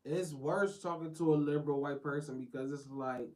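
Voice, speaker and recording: A man's voice: a little high, steady tone, moderate pace, a little mellow, low-quality recording. A man in casual chat who talks emphatically, laughs along and speeds up when he gets worked up.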